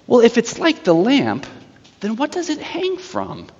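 A man voicing a sly, mocking evil witch who speaks softly and coaxingly with feigned innocence. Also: very high-pitched, huge pitch swings, measured pace, creaky, husky, voice pushed up, full character voice. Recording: echoey church hall, slightly dull.

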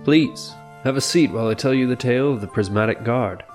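A man's voice: medium pitch, brisk. A man reading a theatrical scripted introduction in a storyteller's manner, addressing the listener as a traveler. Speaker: show narrator. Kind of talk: scripted narration. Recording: music bed behind voice.

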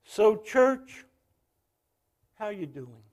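A man's voice: sits high, sing-song, very slow, darkish tone. A male pastor preaching a sermon, telling a story and calling out to the congregation.

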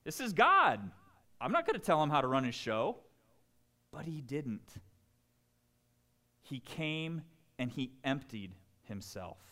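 A man preaching a sermon in an animated, conversational way, full of jokes and asides. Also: a little high, takes it slowly, pauses often. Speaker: pastor.

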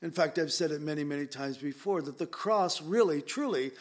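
Male preacher, slightly high voice, conversational sermon, earnest and emphatic with repeated words. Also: lively intonation, brisk.

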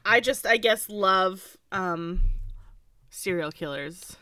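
A woman's voice: mid-range voice, slow pace, bright, forceful tone. A woman co-hosting a podcast, playful and giggly, trading crude jokes. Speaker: podcast co-host. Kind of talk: casual chat.

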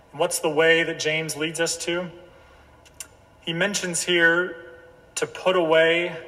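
A man pastor delivering a sermon, slow and emphatic, repeating key phrases. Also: on the high side, pushed and bright. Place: church sanctuary. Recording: church hall reverb.

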